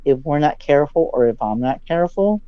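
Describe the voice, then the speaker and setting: A male psychic giving a dramatic live reading over a video call. He often drops into low, hushed asides. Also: animated, a little fast, clean tone, no room sound, highs cut off.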